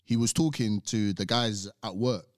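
A man's voice: on the low side, normal speed, no echo, studio quality. A young man telling a story in casual chat, rambling and repeating words as he acts out what people said.

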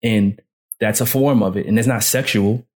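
A man's voice: fairly low pitch, fairly even intonation, normal speed. A man co-hosting a podcast who talks earnestly and reflectively in casual chat. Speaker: podcast co-host.

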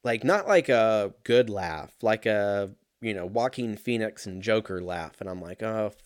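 A man's voice: lowish voice, a little slow, no room sound. Man, early 30s, casual storyteller, swears a lot, rambles and animates, dry close sound. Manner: rambling, profane, animated anecdote with frequent fillers.

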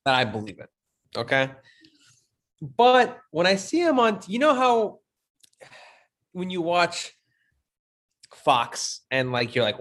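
A man's voice: high voice, wildly swooping pitch, slow, pauses often, fairly bright tone. A man co-hosting a podcast, bantering casually with laughs and slang. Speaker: podcast co-host. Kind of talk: casual chat.

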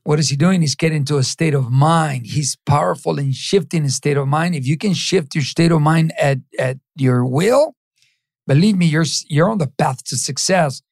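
A middle-aged man from East LA with a high, gravelly voice gives an animated motivational talk as a podcast guest. He acts out the people in his stories and slips Spanish phrases in. The sound is close and dry. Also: normal speed, no echo. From East Los Angeles.

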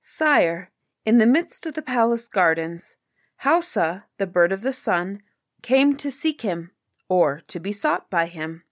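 A woman reading aloud, voicing a humble old male seer who speaks in a grave, measured way. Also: medium pitch, lively intonation, no room sound, clean studio sound. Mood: solemn.

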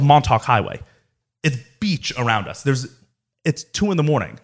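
Young guy from south florida telling a wild night-out story, swearing a lot, lively. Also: medium pitch, normal speed. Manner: profane, animated anecdote telling with acted quotes. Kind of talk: casual storytelling chat.

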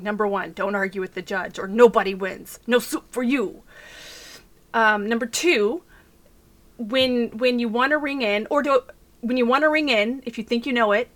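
Bright-voiced Texan woman quizmaster. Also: on the high side. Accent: Texas. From Texas. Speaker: podcast guest, trivia quizmaster. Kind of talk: casual chat.

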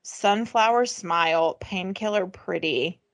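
A woman's voice: medium pitch, slow pace, no echo. A woman co-hosting a comedy podcast, reading out items with frequent swearing, laughter and mock disgust. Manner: profane, giggly, reads list items aloud with mock disgust. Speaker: podcast co-host. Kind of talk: casual comedic chat.

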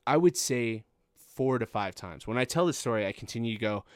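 A man's voice: medium pitch, expressive, fairly quick, no room sound, clean studio sound. A young man in his twenties telling a long, rambling, profane story in casual chat and laughing at it.

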